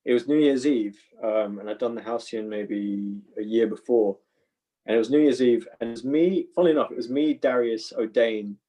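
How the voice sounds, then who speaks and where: A man's voice: medium pitch, moderate pace, warm tone, low-quality recording. A man, an actor guest on a podcast, telling laid-back anecdotes with chuckles. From London. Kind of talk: casual podcast storytelling.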